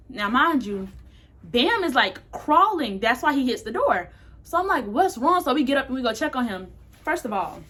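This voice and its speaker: A woman's voice: sits high, fairly bright tone. A young woman casually telling a candid, slangy storytime to her camera. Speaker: vlogger.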